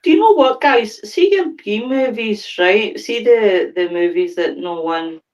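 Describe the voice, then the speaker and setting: A woman's voice: mid-range voice, animated, a little slow, darkish tone, highs cut off. A woman co-hosting a podcast in casual chat, talkative, laughing often and swearing casually. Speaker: podcast co-host.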